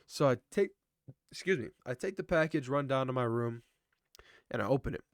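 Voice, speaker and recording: A man's voice: medium pitch, animated, fairly quick, no room sound, studio quality. A young man casually telling a personal story to his channel, laid-back and rambling, full of slang and fillers. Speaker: vlogger.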